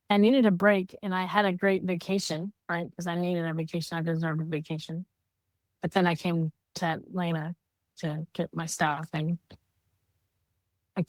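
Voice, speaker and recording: A woman co-hosting a podcast, talking candidly in casual heartfelt chat, animated when she quotes others. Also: lowish voice, no room sound, clean studio sound. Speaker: podcast co-host.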